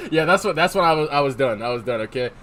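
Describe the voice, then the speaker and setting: A man's voice: on the high side, animated, quick pace, a bit bright, a little hiss or hum. A man chatting casually on a livestream, rambling and swearing as he answers chat. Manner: rambling, profane, reads chat aloud. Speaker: streamer. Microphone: desk microphone.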